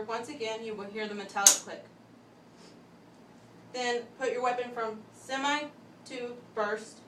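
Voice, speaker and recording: A young woman giving a step-by-step class demonstration speech, talking methodically with pauses and restarts. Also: on the high side. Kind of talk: step-by-step instructional demo. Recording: echoey room, voice from a distance, faint background hum.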